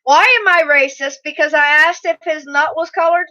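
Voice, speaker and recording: A woman's voice: high voice, fairly even intonation, fairly quick, sharp tone, highs cut off. A woman hosting a casual live stream, reading chat aloud and telling stories with lots of laughter.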